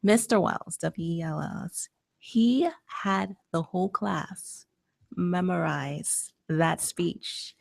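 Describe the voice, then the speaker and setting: A woman's voice: on the low side, slow pace, gravelly. A woman co-hosting a radio talk show, recalling a school memory in casual conversation.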